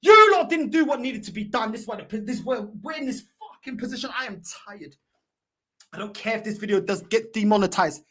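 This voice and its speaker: A woman's voice: on the high side, lively intonation, a little fast, fairly bright tone. A woman with a London accent hosting a football fan channel, ranting furiously with constant swearing and mocking insults, slipping into European Portuguese. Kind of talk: angry fan reaction rant.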